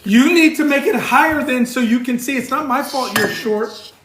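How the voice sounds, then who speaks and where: A woman's voice: sits high, moderate pace. A woman co-hosting a casual talk, chiming in with short, teasing remarks and encouragement. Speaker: co-host. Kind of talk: casual chat. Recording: echoey room with faint noise.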